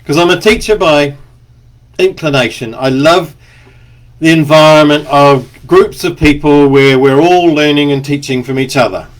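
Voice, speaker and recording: Chatty man, a bit high-voiced, coughing. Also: moderate pace. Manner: rambling, chatty, with restarts and coughs. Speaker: author and speaker. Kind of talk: casual spoken monologue.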